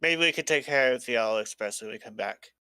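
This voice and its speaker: A man player chimes in during a tabletop session with practical ideas. His voice is mid-pitched and recorded dry and close. He goes along readily with the group. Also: fairly quick, sharp tone, smooth, dry recording. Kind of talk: casual tabletop game chat.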